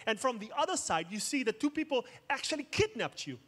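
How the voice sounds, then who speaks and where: A man's voice: very high-pitched, big pitch swings, brisk, fairly bright tone. A man giving a keynote talk, mixing jokes with dramatic storytelling. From Israel. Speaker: conference speaker. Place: outdoor festival main stage.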